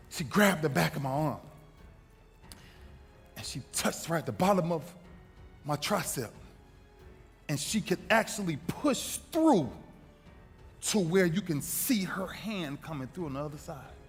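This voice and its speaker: High, animated man telling a story in a hall. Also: creaky. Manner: emphatic, repeats phrases for rhythm. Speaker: motivational speaker. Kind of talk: dramatic storytelling speech. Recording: reverberant hall with faint music.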